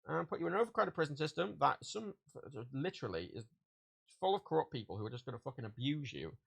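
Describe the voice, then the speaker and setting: Swearing man, gravelly lively voice. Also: fairly high pitch, fast, no echo. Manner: profane, ranting, laughs often. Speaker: livestreamer. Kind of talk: casual livestream chat while packing orders.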